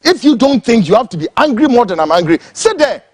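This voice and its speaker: Angry ghanaian guy ranting about politics, high voice, swings all over, kinda husky, dry sound. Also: very animated, fast, no echo. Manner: angry, shouting, mixing English and Twi. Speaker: political commentator. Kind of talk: impassioned political rant.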